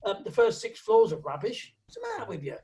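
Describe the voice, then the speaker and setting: This guest drummer, talking over a lockdown video call interview, hands out pointed advice and sings drum parts out loud. His voice sits high with huge swings in pitch, and it is brisk and dark in tone.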